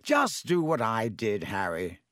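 A man voicing a vain, flustered, showy male wizard teacher in a fussy, theatrical manner, raised higher than his own voice. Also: wildly swooping pitch, unhurried, fairly bright tone, no room sound, studio quality, full character voice.

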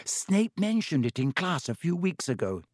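A man's voice: on the high side, very animated, normal speed, dry recording, pitched above the performer's own voice. Raised, lighter voice for a bossy, clever schoolgirl, read by a man, dry close sound. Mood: insistent. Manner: quiet, cautious, then impatient.

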